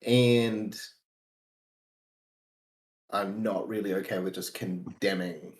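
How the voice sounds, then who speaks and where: A man speaking in character as a principled male adventurer who argues for a fair trial, measured and reasoning. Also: low voice, fairly even intonation, echoey room.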